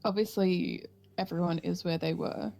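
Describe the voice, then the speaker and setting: A woman's voice: on the low side, fairly even intonation, moderate pace, creaky, dark tone, slight background noise. A woman playing a tabletop game, talking casually and cutting herself off mid-sentence. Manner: casual, self-interrupting table talk. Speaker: player.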